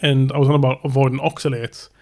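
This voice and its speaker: A man's voice: mid-range voice, level tone, quick pace, darkish tone. A man, co-hosting a podcast in crude, joking casual chat. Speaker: podcast co-host.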